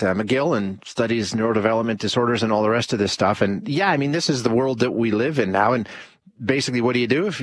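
A man's voice: mid-range voice, no echo. A man hosting a call-in talk radio show, rambling with many restarts and fillers. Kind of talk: casual talk radio commentary.

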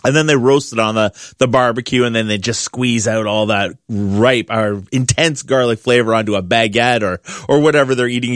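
A man's voice: mid-range voice, a bit bright, no room sound, clean studio sound. A man hosting a call-in gardening radio show, talking in an upbeat, chatty, promotional way.

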